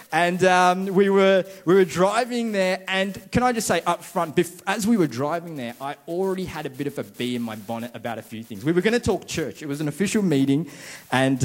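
A young man, preaching a casual, chatty, self-deprecating sermon and acting out inner voices. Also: on the high side.

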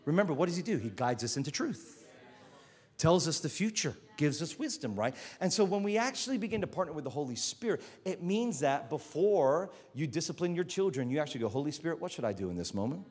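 A middle-aged pastor preaching, with a lively voice that swings all over the place. He tells stories with energy, throwing in voices and quick asides, and he sits a touch higher than most men. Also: husky, big-room sound. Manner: animated storytelling, acts out voices. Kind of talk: sermon.

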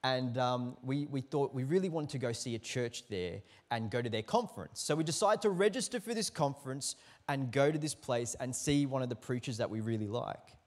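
A man, preaching a sermon as a lively storyteller who acts out the quotes in his anecdotes. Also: medium pitch, brisk, few pauses. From Australia. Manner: animated storyteller acting out quotes, lively swings in loudness. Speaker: pastor.

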